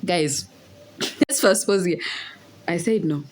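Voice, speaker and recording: A woman's voice: fairly low pitch, a little slow. A young woman from Uganda, casually telling a story in a vlog and acting out the voices in quotes. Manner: animated, laughing, acts out voices in quotes. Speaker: vlogger.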